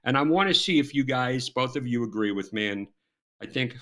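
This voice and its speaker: A middle-aged man with a Southern American accent talks as a podcast guest and tells his stories with plenty of emphasis. His pitch swings widely, and he suddenly jumps louder to drive a point home. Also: lively intonation, brisk. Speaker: guest, former FBI agent. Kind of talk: animated podcast interview.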